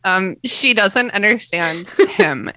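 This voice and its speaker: A woman co-hosting a podcast, recapping a book chapter in casual chat, giggly and animated, full of "like"s. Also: mid-range voice, takes it slowly, a crowd in the background. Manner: giggly, animated, summarizing with many "like"s. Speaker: podcast co-host.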